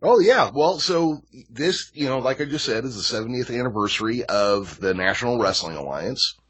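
Brief: man, low husky voice, blunt laid-back podcast co-host. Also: fairly bright tone. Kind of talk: casual chat.

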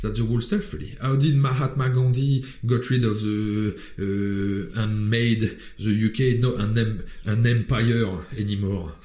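Animated Frenchman with a mellow voice. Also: on the low side, a little slow, hardly any pauses. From France. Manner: animated, swearing, wandering restarts. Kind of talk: casual opinionated chat. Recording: roomy echo.

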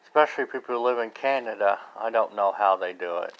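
An American man from the United States hosts his own podcast, speaking quickly in a fairly low voice. His monologue is rambling and casual, full of fillers and restarts, and the recording has its highs cut off.

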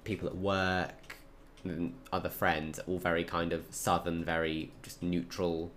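Low-voiced young man chatting casually. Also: level tone, unhurried, fairly bright tone, slight background noise. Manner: chatty, laughs often, many fillers. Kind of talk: casual chat.

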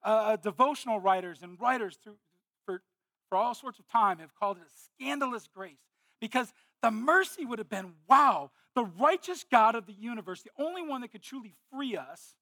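Man, pastor, sermon, bright voice, dry close sound, animated exclamatory delivery. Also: very high-pitched, normal speed, dry recording. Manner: animated, exclamatory storytelling with sudden loud outbursts.

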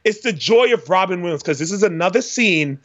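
A man's voice: high voice, expressive, a little fast, fairly bright tone. Rambling man with a dull, dry sound. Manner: rambling, filler-heavy, swears, acts out scenes. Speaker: podcast co-host. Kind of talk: casual movie review chat.

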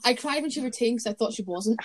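A woman's voice: a little high, expressive, fast talker. A woman co-hosting a casual podcast chat, opinionated and rambling, often correcting herself mid-sentence. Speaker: podcast co-host. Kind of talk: casual wrestling review chat.

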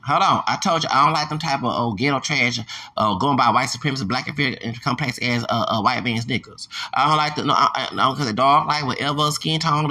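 A man's voice: mid-range voice, bright, forceful tone. A man hosting a podcast, delivering a heated, profane monologue and hammering phrases over and over like chants. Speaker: podcast host.

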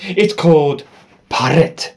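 A man's voice: a little high, takes it slowly, creaky, pitched above the performer's own voice. A man voicing an over-sweet male presenter of old video tapes, fussy and sing-song, with music behind. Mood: gushing.

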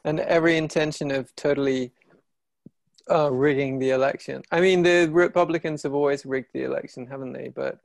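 A man's voice: mid-range voice, fairly even intonation, a little fast, creaky, dry recording. A man in a casual video chat who makes wry remarks and laughs often. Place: in London.

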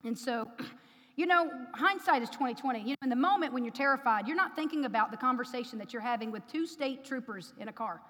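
High bright-voiced woman preaching in a hall. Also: animated, fast. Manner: emotive storytelling, addresses the congregation directly. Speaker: speaker at a church service. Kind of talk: sermon with personal story. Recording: reverberant hall.

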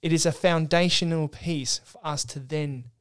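A man's voice: on the high side, fairly even intonation, moderate pace, smooth. Earnest man explaining theology. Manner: earnest, explanatory, many restarts. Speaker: podcast co-host. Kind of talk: casual theological discussion.

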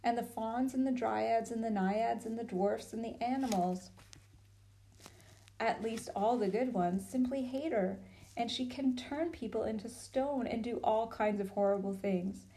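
A woman's voice: a little high, unhurried. A woman reading a storybook and voicing an eager, happy little girl. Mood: excited. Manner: eager and breathless with excitement.

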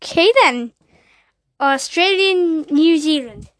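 A woman's voice: sits high, lively intonation, takes it slowly, fairly bright tone. A woman hosting a casual chat, offhand and giggly, often trailing off. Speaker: host.

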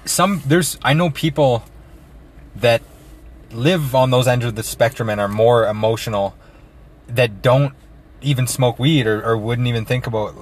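A man's voice: mid-range voice, measured pace. A young man co-hosting a podcast, talking things through in a thoughtful, hedging, casual way. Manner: thoughtful, hedging, says man and you know a lot. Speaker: podcast co-host. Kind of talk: casual chat.

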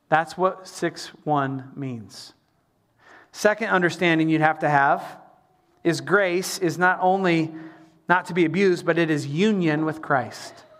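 Male pastor, middle-aged, lively emphatic sermon delivery, swings between loud pushes and quiet asides. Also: high-pitched. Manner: animated preaching with sung lines and emphatic repetition.

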